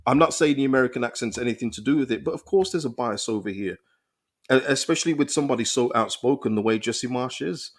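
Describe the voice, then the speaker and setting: A young man hosting a casual football live stream, reading viewers' comments and reacting with animated, restart-filled talk. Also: medium pitch, fast talker. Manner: animated, thinks aloud with frequent restarts and repeated words. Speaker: football channel host reading live chat.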